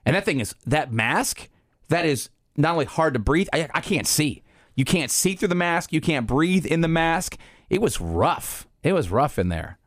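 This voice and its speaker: Animated man telling a story. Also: fairly high pitch, moderate pace. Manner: animated storyteller, acts out voices. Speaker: podcast co-host. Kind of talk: casual storytelling chat.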